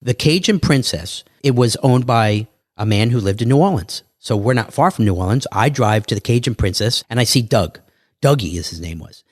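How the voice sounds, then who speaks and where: A man tells stories in a lively way and acts out what other people said. His voice sits in the middle range and the recording is dry and close, with no room sound at all. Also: medium pitch, dry recording. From New York. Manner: animated, quick storytelling with acted quotes. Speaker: guest. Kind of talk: storytelling in a podcast interview.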